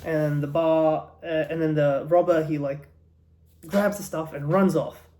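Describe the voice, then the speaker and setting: A man's voice: a little high, steady tone, a little slow, warm tone. Rambling man stumbling through a joke. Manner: rambling, stumbling, many restarts and fillers. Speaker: comedian telling a joke. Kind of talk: casual joke telling.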